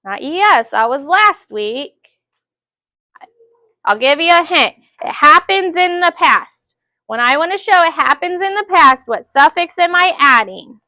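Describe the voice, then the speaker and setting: A woman teaching a phonics lesson to young students in a classroom, loud and energetic, calling on children by name. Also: high-pitched, a little slow, dry recording.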